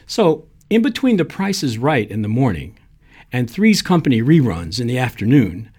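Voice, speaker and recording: A man narrating a short story aloud in a lively storytelling manner, giving the characters their lines. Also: medium pitch, moderate pace, husky. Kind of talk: reading short fiction aloud.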